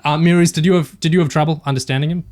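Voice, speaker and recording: A man's voice: fairly high pitch, fairly even intonation, rapid-fire, a little mellow. A man co-hosting a discussion podcast, opinionated and hesitant, often restarting his sentences. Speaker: podcast co-host.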